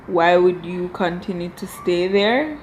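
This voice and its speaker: A woman's voice: on the low side, unhurried, a little mellow, lo-fi sound, a little hiss or hum. A woman reviewing a reality show from home, talking casually and firing off exasperated rhetorical questions. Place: home room.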